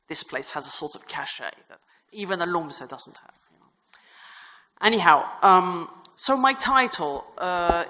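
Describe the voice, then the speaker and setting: A woman who is a nun and university vice rector speaks at a conference in a bright, clear voice. She talks informally, with self-deprecating asides and many restarts. Her words carry a long reverb from a large crypt hall. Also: fairly low pitch. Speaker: religious sister and university vice rector giving a conference talk.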